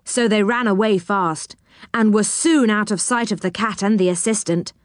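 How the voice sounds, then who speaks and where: A woman reading a children's storybook aloud in a gentle, expressive way. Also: mid-range voice, normal speed, no echo, clean studio sound. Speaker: narrator.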